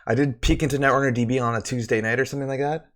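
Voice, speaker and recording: A man's voice: medium pitch, steady tone, racing, fairly bright tone. A man hosting a live stream, chatting about a card game and greeting viewers by name, slightly out of breath. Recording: faint music behind.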